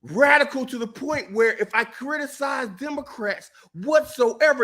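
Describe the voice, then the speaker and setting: A man co-hosting a political talk show, in an angry, profane rant that breaks into shouting. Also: extremely high pitch, a little slow, few pauses. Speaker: co-host.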